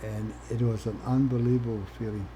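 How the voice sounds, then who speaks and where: Being interviewed about his life, an older man from Canada who used to be a First Nations chief talks openly and plainly, his energy rising and falling between quiet and animated. The voice is medium-pitched and a little fast, and the background is noisy.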